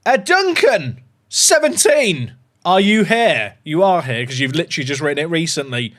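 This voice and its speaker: Animated man chatting on a livestream. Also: a little high, moderate pace. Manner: excitable, chatty, rambling. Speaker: gaming livestreamer. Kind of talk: casual livestream chat.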